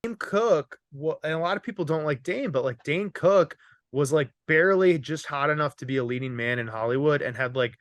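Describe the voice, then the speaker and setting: A man's voice: on the high side, expressive, brisk, dry recording. A young man hosting a casual comedy podcast, telling rambling joking stories and laughing often. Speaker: podcast host.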